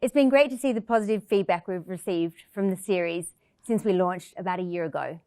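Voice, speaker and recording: A woman's voice: lowish voice, a little fast, a little mellow, smooth, no echo, studio quality. A woman hosting an investment interview series, reading a polished introduction and then putting questions to her guest. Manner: polished, read-from-script delivery. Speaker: interview host.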